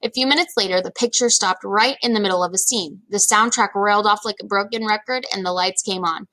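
A woman reading a children's novel aloud in first person, lively storytelling. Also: medium pitch, low-quality recording. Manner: lively storytelling, quick voice shifts for characters.

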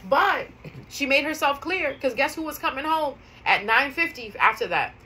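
A spiritual vlogger chats casually with her viewers, spinning stories and repeating key phrases to drive them home. Her voice sits high with lively intonation, a moderate pace and a sharp tone. The recording is rough, with slight background noise.

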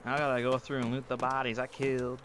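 A man hosting a let's play, chatting with friends while gaming, excitable and swearing in exasperated outbursts. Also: medium pitch, fast, a little hiss or hum. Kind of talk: casual gaming chat and outro.

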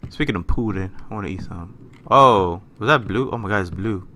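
A man's voice: lowish voice, a little fast, sharp tone, a little hiss or hum. A young man commentating a horror game he is playing at home. He swears a lot and swings from muttering to panicked screaming. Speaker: gaming YouTuber.

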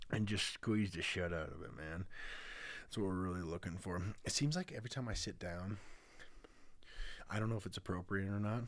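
A man's voice: lowish voice, no echo. A man in his thirties hosting his podcast, talking in a rambling casual monologue full of restarts. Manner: rambling, with many restarts and stammered starts. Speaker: podcast host.

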